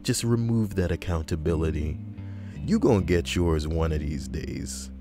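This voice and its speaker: A young man with a very low, deep voice reacts to stories in a loose, profane rant, leaping up in pitch when something outrages him. Faint music plays underneath. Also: normal speed. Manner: animated, profane, jumps high in pitch for emphasis. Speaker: commentator reading and reacting to posts. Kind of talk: casual reaction commentary.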